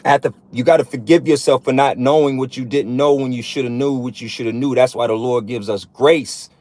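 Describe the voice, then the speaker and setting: Speaking at medium pitch with a steady, slightly mellow tone and a brisk pace, a thirtysomething man preaches bluntly and profanely to other men. The religious vlogger's street-preaching monologue often ends sentences with "man."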